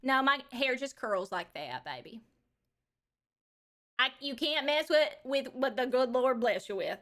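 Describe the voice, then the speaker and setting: A woman's voice: high voice, animated, measured pace, sharp tone, heavily acted. A woman playing a brash, crude Texan woman trucker back from space, drawling and calling everyone baby, for a live stream. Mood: cheeky. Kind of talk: live-stream character bit.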